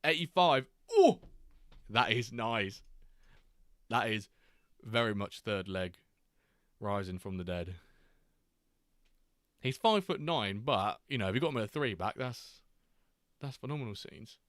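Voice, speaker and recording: A man hosting a live game stream, chatting casually, greeting viewers and reacting excitedly to player stats. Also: fairly low pitch, no echo, studio quality. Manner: chatty, reacts to chat readers by name, quick excited asides. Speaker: streamer host.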